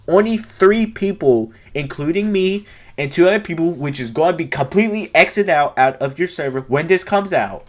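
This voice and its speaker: A man's voice: on the high side, expressive, brisk, a bit bright. A young man giving ranting, incredulous commentary on screenshots as a video host.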